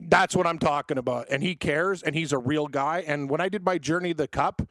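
Male co-host, high-ish voice, rambling chatty storyteller, dry close sound. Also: fairly quick, fairly bright tone, no room sound. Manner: rambling, chatty, full of fillers. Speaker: sports radio co-host. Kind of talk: casual storytelling chat.

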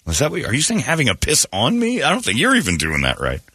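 Lively, bright-voiced male radio host. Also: mid-range voice, fast, breathy edge, no echo, clean studio sound. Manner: animated, laughing, puts on voices in quotes. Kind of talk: casual storytelling chat. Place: radio studio.

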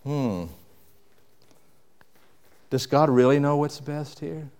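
A man preaching a sermon with dynamic delivery, rising to loud emphasis and dropping to quiet reflection. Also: on the high side, fairly even intonation, slow pace, clear, resonant tone, big-room sound. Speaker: pastor.

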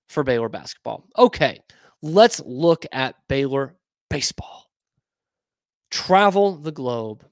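A man's voice: on the high side, no echo, studio quality. Frank, emphatic male sports host. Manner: emphatic, frank, animated delivery with playful wordplay. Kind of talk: opinionated sports commentary.

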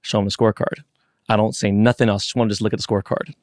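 Male co-host, low voice, excitable profane storyteller, dry close mic. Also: rapid-fire, no room sound. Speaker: podcast co-host. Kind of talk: casual chat.

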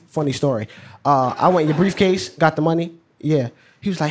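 A man's voice: fairly high pitch, brisk. Chatty teenage New guy. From New York. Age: teens. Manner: casual, chatty, slangy, laughs along with his own story. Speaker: student storyteller. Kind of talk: live personal storytelling.

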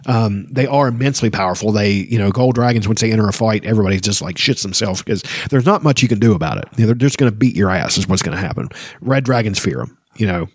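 A man's voice: on the low side, expressive, fast, breathy edge, dry recording, clean studio sound. A man hosting a casual book podcast, reading passages aloud and rambling between them with frequent ums and you-knows. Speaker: book discussion podcast host.

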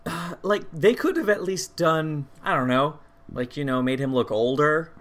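A man's voice: a little high, normal speed. A man co-hosting a podcast, chatting casually about a movie and swearing often. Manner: animated, frequent swearing. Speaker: podcast co-host. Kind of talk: casual chat reviewing a movie.

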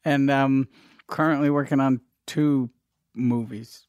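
A middle-aged man, a filmmaker guest, telling lively anecdotes in a casual interview and acting out quoted dialogue. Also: mid-range voice, slow pace, clear, resonant tone, dry recording, clean studio sound.

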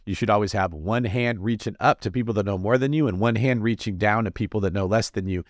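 Podcast host guy, lively and jokey, swings his pitch all over, dry studio sound. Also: quick pace, dry recording. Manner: animated, jokey, fidgety delivery. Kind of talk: energetic casual monologue.

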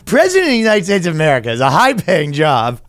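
A man's voice: on the high side, wildly swooping pitch, fast talker, fairly bright tone, no room sound, clean studio sound. A man co-hosting a podcast, chatting casually and joking around. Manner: playful, jumps into silly put-on voices. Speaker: podcast co-host. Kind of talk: casual comedic chat.

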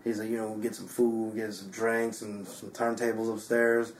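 A slightly drunk man, a DJ, telling a story in an excitable, casual way, swearing often and full of filler words. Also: on the low side, fairly quick, echoey room. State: a bit drunk. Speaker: DJ and guest. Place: hotel room.

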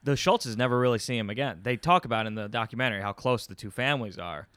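A man on a podcast calmly supplying facts and dates in casual chat. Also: medium pitch, fast talker, clear, resonant tone, no echo, clean studio sound.

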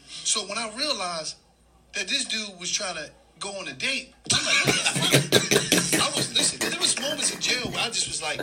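A man co-hosting a podcast, telling an animated story in casual chat, quoting people as he goes. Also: high voice, fairly quick, faint music behind, low-quality recording. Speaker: podcast co-host.

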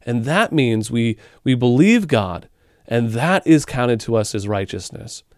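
Male host, relaxed reflective commentary, mid pitch, dry studio. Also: measured pace, no echo. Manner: warmly conversational, with small restarts. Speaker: radio host.

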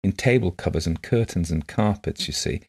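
A man reading the part of a gentle, shy blind woman who talks softly and earnestly in simple phrases. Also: sits low, moderate pace, vocal fry, slightly rough, heavily acted.

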